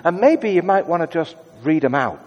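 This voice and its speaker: A man preaching a sermon in a conversational way, moving between brisk asides and hushed, prayerful tones. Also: a little high, animated, big-room sound.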